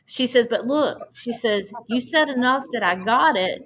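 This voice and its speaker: A woman's voice: fairly high pitch, expressive, normal speed, fairly bright tone, rough recording. Lady guest on a podcast, earnest storytelling, faint hiss behind her. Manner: earnest, quotes others' speech at length. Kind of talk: emotional personal storytelling. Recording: faint background noise.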